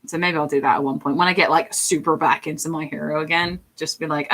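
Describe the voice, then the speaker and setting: A young woman chatting casually on a live stream, giggly and self-deprecating, her pitch swinging widely as she answers viewers. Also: fairly even intonation, quick pace, fairly bright tone.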